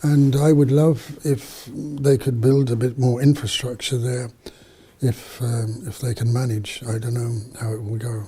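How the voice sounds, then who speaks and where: A man's voice: medium pitch, flat delivery, measured pace, mellow, breathy edge. A man, a priest and missionary, telling stories in an interview, rambling with many fillers and restarts. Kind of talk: storytelling in an interview.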